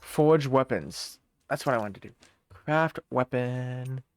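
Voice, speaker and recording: A game streamer casually talking through a live stream, reading in-game text aloud, thinking out loud and laughing easily. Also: mid-range voice, takes it slowly.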